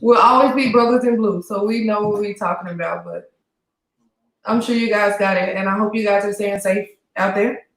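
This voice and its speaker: A woman's voice: mid-range voice, moderate pace. Guest: friendly woman, casual chat, echoey room sound. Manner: friendly, laughs easily. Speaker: podcast guest. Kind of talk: casual live-stream chat. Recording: roomy echo.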